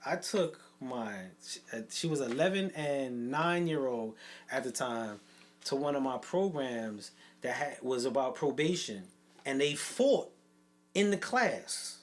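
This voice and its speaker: A man's voice: mid-range voice, a little slow. A man with a New York accent, co-hosting a casual podcast and telling stories animatedly in street slang. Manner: animated storyteller, acts out quotes, street slang. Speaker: co-host, youth program leader. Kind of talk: casual podcast conversation, storytelling.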